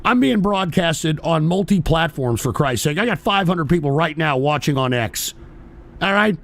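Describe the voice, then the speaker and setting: A middle-aged man hosts a live political stream from a home studio mic, swearing freely and snapping back at his chat. His voice sits high and gravelly, and his pitch swings wildly from line to line. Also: lively intonation, moderate pace, fairly bright tone. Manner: profane, combative, ranting at chat commenters. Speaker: talk show host.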